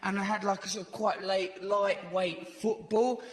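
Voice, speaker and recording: A man doing stand-up comedy, telling stories in a fast, animated way with sudden put-on voices and bursts of shouting. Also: sits high. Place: large theatre stage. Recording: echoey live venue, crowd noise.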